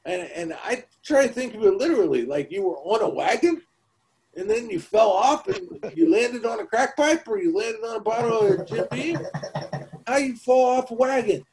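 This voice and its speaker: Man, high voice, casual emphatic podcast co-host, swears freely. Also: animated, moderate pace, darkish tone, slight background noise, low-quality recording. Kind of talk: casual recovery talk.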